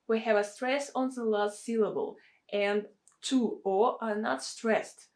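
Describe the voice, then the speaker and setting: Russian-accented woman tutor, fairly high voice, slow, deliberate drilling delivery. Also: a little mellow. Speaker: Russian language teacher. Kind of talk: pronunciation lesson.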